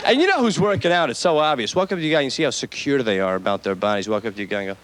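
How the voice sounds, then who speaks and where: A man's voice: medium pitch, expressive, racing, hardly any pauses, crowd noise. A man doing a stand-up set, mocking and mimicking jocks while working the audience. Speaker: stand-up comedian. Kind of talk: stand-up comedy set with crowd work. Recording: noisy old videotape with audience.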